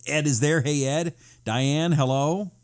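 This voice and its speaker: A man's voice: on the high side, slow pace, a little mellow. A man hosting a casual live-stream talk show, sarcastic and wisecracking, reading out viewer comments.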